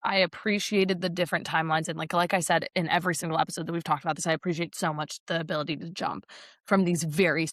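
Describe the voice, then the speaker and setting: A young woman co-hosting a chatty podcast, her voice sitting lower than most. She rambles through stories and laughs often. The sound is close and dry. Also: fairly even intonation, quick pace, fairly bright tone, no echo. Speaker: podcast co-host. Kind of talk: casual chat.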